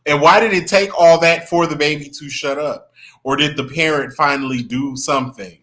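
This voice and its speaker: Chatty, bright-voiced man on a livestream. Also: a little high, normal speed. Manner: chatty, greets viewers by name, gossipy. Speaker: livestream host. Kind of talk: casual livestream chat.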